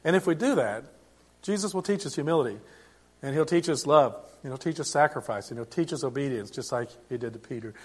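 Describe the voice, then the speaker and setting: A middle-aged man preaching a sermon as pastor, in a conversational way with frequent restarts and swings in loudness. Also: medium pitch, expressive, quick pace, husky.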